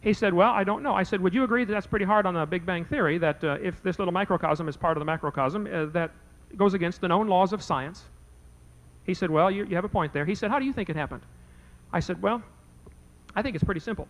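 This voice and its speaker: A man with a high-pitched voice talks fast over poor audio. Debating before a live audience, he tells a folksy anecdote and acts out both sides of a conversation.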